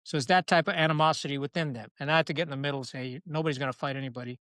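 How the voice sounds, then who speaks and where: A man in a podcast interview, telling frank stories in a blunt, salty, animated way. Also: fairly high pitch, rapid-fire, dry recording. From Pakistan. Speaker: podcast guest, retired Marine officer. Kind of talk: candid conversational storytelling.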